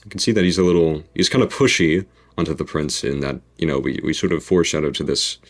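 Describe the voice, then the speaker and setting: A man's voice: extremely low pitch, fast talker. A man rambling through a casual, self-deprecating commentary on his own video.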